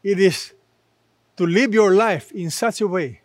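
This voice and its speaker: High-voiced pastor guy preaching slow, dry close sound, lots of rhetorical questions. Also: dry recording. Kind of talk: sermon.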